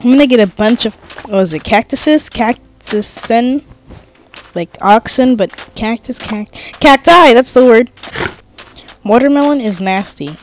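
A woman's voice: on the high side, expressive, measured pace, slight background noise. A woman giving casual, jokey commentary while playing a game, chatting to herself and swearing now and then. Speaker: gaming vlogger.

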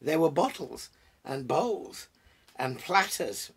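A man reading a story aloud with expressive, relishing delivery and short asides. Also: mid-range voice, takes it slowly, gravelly, breathy edge.

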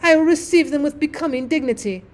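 A haughty, self-important rocket, vain and sure of his own greatness, as a woman puts him on in a storybook reading. He speaks up high and firmly. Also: fast talker, close to an everyday voice. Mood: pompous. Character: pompous conceited male firework rocket.

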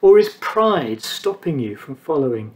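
A high-pitched man delivering a sermon in an earnest, measured way. He pauses between short phrases and lets his voice sink low on the words he wants to land. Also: very animated. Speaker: preacher.

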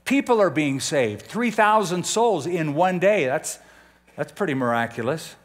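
An older man preaching a conversational sermon as a pastor, often putting questions to his listeners. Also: a little high.

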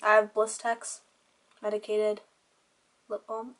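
A teenage girl vlogger with a mid-range, fairly bright voice talks briskly and with animation as she shows off her things. Her chatty, rambling talk leans heavily on "like," with children crying in the background.

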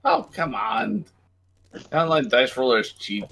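Man, tabletop player, slow unhurried delivery, wry and laid back. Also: medium pitch, sing-song, creaky, fairly bright tone, a little hiss or hum. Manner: slow, laughs often, wry. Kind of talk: casual chat.

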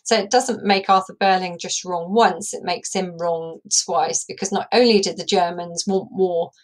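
A woman with a fairly low speaking voice teaches a recorded English lesson. She explains the characters patiently and works her ideas out aloud for her students. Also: steady tone, normal speed, poor audio.

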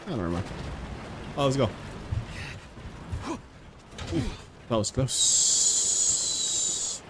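Lively chatty male streamer. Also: medium pitch, extremely slow, heavy background noise. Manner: chatty, reacts aloud and answers chat. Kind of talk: casual live gameplay chat.

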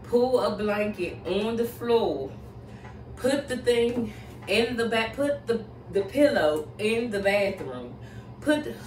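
A woman's voice: fairly high pitch, lively intonation, slow pace, darkish tone, slight background noise. Woman tarot reader, dramatic and rambling; distant mic in an echoey room, faint music underneath. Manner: dramatic, rambling asides, exclamations. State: shaken, catching her breath. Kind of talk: casual spoken tarot reading. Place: home room.

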